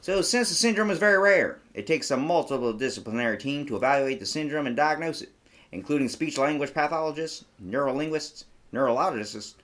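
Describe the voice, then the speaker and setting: A man's voice: mid-range voice, a bit bright. A man co-hosting a comedy podcast who reads out notes in an emphatic, theatrical manner. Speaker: podcast co-host.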